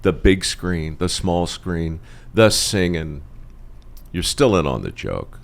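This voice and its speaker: Middle-aged podcast host guy, super deep gravelly voice, teasing and chatty. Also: slow. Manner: animated, teasing and playful. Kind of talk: casual chat.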